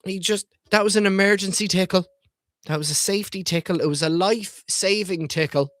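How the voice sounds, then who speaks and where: A man's voice: high voice, a little fast, a bit bright, dry recording, clean studio sound. A man streaming as he reads and reviews children's books, joking irreverently, swearing freely and quizzing his viewers. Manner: profane, irreverent and jokey; asks the viewers questions. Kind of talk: casual comedic commentary reading aloud.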